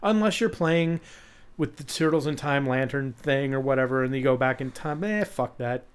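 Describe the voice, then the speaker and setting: A man's voice: mid-range voice, moderate pace, clear, resonant tone. Guy cohosting a podcast, rambly, swears a lot, jokey. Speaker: podcast co-host. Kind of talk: casual chat.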